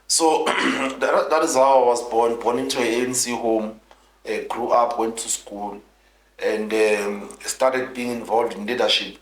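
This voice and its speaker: A man's voice: mid-range voice, fairly even intonation, a little slow. A man, a politician being interviewed, telling his story in an earnest, rambling way full of restarts. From South Africa. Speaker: guest politician. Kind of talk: interview, recounting his life. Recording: roomy echo.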